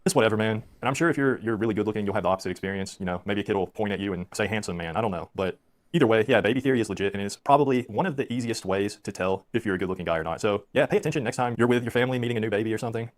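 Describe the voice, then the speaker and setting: A man's voice: lowish voice, very fast. A man in his thirties telling rambling, self-deprecating stories about his own life in a casual way. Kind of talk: storytelling on a stream.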